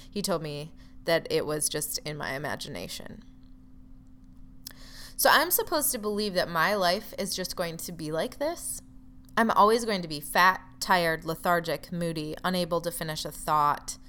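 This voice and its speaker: A woman's voice: low-pitched, fairly bright tone. A woman telling a personal story in a candid, frustrated way, with wry asides.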